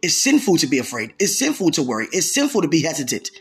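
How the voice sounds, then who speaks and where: A woman preaching a fervent sermon, repeating phrases and bursting into shouts. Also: low voice, sing-song, fast talker, breathy edge, soft background music. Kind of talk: impassioned sermon.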